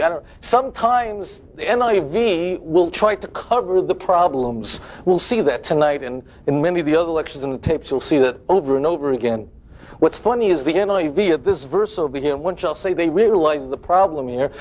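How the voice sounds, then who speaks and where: High-voiced rabbi lecturing an audience. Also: male voice, low-quality recording. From United States. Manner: animated, sarcastic, asks the audience questions. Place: lecture hall.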